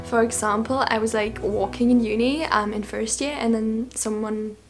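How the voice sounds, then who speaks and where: A woman's voice: fairly high pitch, steady tone, normal speed, soft background music. A young woman from Germany with a German accent, chatting casually in a vlog, laughing often and acting out what people said. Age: young adult. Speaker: vlogger.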